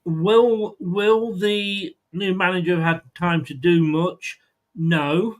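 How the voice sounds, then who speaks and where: Brief: male football show host, casual, rambling, full of ums and restarts, voice a touch high. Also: fairly even intonation, takes it slowly. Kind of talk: casual chat.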